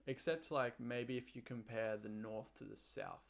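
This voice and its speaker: A young Australian man chatting casually as a podcast guest, relaxed and full of "like" fillers. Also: medium pitch, unhurried, gravelly, a crowd in the background. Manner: relaxed, filler-heavy with frequent "like". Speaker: guest photographer. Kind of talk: casual chat.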